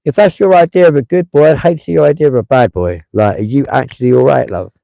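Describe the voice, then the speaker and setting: A man hosts a live stream, ranting in blunt, profane commentary. His voice is gravelly and low in tone. The sound is close and dry. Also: fast, mellow, no room sound, low-quality recording.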